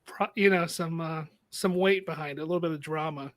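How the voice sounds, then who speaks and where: A man with a notably high voice joins a casual film podcast as a guest. He delivers wry, deadpan jokes in a dry, close sound. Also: fairly quick, no room sound. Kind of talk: casual movie review chat.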